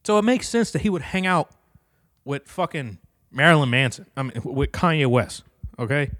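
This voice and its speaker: Brief: man, solo commentator, heated profane rant, dry close sound, swooping higher voice. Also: animated, normal speed, fairly bright tone, dry recording. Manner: profane, heated, repetitive ranting. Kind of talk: casual opinion rant.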